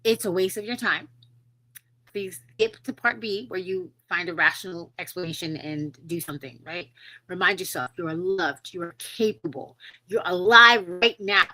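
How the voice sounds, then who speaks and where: A woman's voice: lowish voice, moderate pace, sharp tone, poor audio. A woman hosting her own podcast, talking casually and earnestly, with many fillers, and encouraging her listeners. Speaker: podcast host. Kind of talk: casual solo podcast talk.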